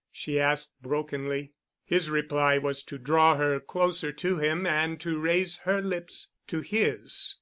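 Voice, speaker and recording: A man narrating a novel as an audiobook reader, in a measured, even storytelling manner. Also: a little high.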